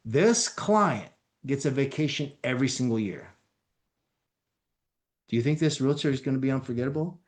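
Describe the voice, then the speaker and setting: A man giving an energetic training presentation as a company founder, talking directly to his audience. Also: medium pitch, moderate pace, pauses often. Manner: energetic, addresses audience as folks.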